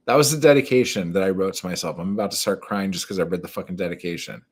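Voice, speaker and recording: A man chatting casually with viewers and reading his own poems on a livestream from a dim room at home, swearing often and reading the verse slowly. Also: low voice, breathy edge. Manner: profane, chatty, slow deliberate reading.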